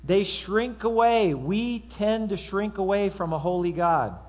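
A man delivers a sermon from the pulpit in an easy, conversational way. His voice sits a little high for a man. He slips into acted-out quotes and offhand asides as he preaches to the congregation. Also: measured pace, a little mellow. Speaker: pastor.

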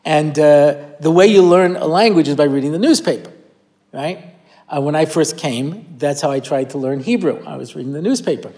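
Male lecturer, high voice, long hall reverb, storytelling teacher. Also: moderate pace, warm tone. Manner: storyteller who acts out quoted voices, with frequent restarts. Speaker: rabbi giving a weekly Torah class. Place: hall with a live audience.

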